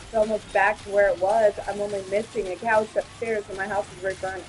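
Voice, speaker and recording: A woman's voice: medium pitch, level tone, fairly quick, a little hiss or hum, poor audio. A woman chatting casually while playing a game, telling stories bluntly and swearing freely. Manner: blunt, profane storytelling. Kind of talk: casual chat.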